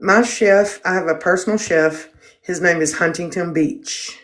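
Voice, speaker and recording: A woman's voice: on the low side, a little slow. A middle-aged woman hosting a casual livestream chat, blunt and self-mocking and swearing freely. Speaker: livestream host.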